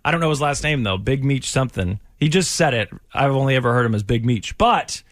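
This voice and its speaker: A man co-hosting a radio show, telling stories in animated, joking banter. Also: mid-range voice, fairly quick.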